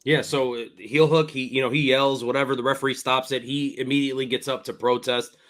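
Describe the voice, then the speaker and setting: A man's voice: mid-range voice, steady tone, fairly quick, fairly bright tone. A man hosting a fight recap podcast, recounting the action at length in blunt, profane casual chat. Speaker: podcast host.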